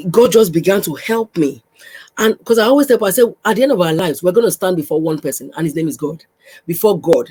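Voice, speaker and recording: Husky-voiced woman preaching encouragement. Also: lowish voice, low-quality recording. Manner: repetitive, exhorting, addresses listener warmly. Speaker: podcast host, pastor's wife. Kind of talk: faith podcast teaching.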